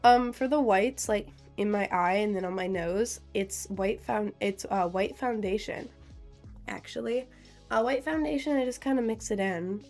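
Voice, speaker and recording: A woman's voice: medium pitch, normal speed, darkish tone, soft background music. A young woman streamer in casual live-stream chat. She giggles often, reads viewers' questions aloud, and answers them playfully.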